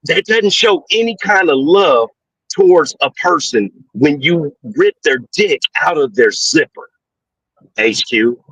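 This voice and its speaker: On a call-in show, a male caller tells a crude story in an animated way, cursing freely and cracking himself up. His voice is husky and a little high, his pace slow, and the dull, dry, lo-fi call audio has no room sound.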